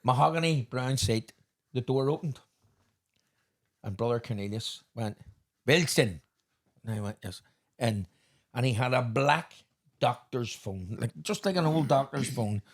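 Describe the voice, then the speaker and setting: A man with a Northern Irish accent telling swearing, animated stories in a casual podcast chat. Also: mid-range voice, moderate pace. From Northern Ireland. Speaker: podcast host.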